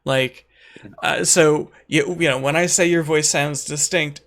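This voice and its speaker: East coast us guy hosting, kinda high gravelly voice, stammers a bit. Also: steady tone, measured pace, a bit bright. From Eastern United States. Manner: stammering, repeats words. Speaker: podcast host. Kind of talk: casual interview chat.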